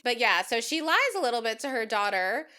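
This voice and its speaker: Bright-voiced chatty woman recapping a show. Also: on the high side, brisk, smooth. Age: 30s. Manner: animated, joking, laughs often. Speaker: podcast co-host. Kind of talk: casual recap chat.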